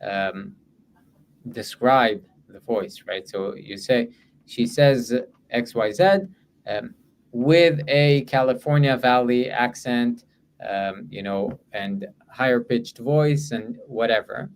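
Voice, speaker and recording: A man's voice: medium pitch, slow pace, a little hiss or hum. A man presenting in an online webinar, answering audience questions in a hesitant way with many fillers and restarts. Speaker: guest presenter.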